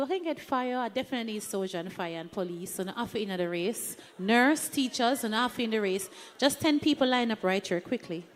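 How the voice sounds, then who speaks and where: A Jamaican woman hosting a live event, chatty and playful as she teases the audience. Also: on the high side. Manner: playful, chatty, teasing the crowd. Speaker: event host leading an audience activity.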